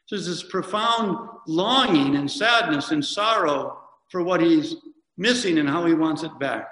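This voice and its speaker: A man, a priest, giving a reflective sermon, pausing often and correcting himself as he reads hymns aloud. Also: on the high side, animated, fairly bright tone. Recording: echoey church hall from a distance.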